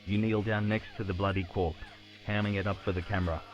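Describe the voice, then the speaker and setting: A male text-to-speech voice reading adventure story text in a flat, even manner. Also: on the low side, fast, dull audio, faint music behind. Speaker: game narrator voice. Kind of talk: synthetic story narration.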